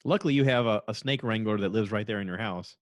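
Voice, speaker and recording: A man's voice: fairly low pitch, fast talker, no room sound, studio quality. A man hosting a podcast, chatting casually and acting out other people's lines as he tells stories. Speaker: podcast host. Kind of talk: casual chat.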